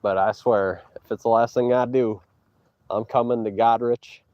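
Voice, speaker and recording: A man streaming from an outdoor hike, trash-talking his chat in a boastful, mocking way with loud teasing outbursts. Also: medium pitch, steady tone, moderate pace, no echo, lo-fi sound. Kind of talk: casual trash talk to chat while hiking.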